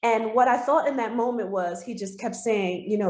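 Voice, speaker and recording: A woman's voice: a little high, normal speed. A woman giving a heartfelt personal testimony as an interview guest, telling her story earnestly. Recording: roomy echo.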